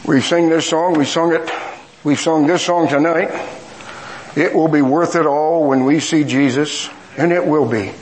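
A man's voice: a little high, fairly even intonation, a little slow, slight background noise, poor audio. A middle-aged man preaching a storytelling sermon, with folksy, self-mocking humor.

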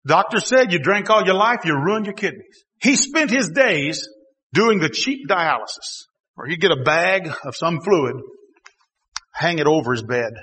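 A man preaching a sermon to a congregation, talking to them directly, laughing at times and rising to shouts. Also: on the high side, lively intonation, measured pace, big-room sound. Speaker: pastor. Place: church hall.

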